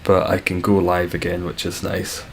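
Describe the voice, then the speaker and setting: A deep, low-pitched Scottish man talking easily on a live stream, answering his chat in a laid-back way and swearing now and then. A faint hum of ambient noise sits behind him. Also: monotone, moderate pace, gravelly. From Scotland. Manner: laid-back, swears casually, reads chat aloud and chuckles.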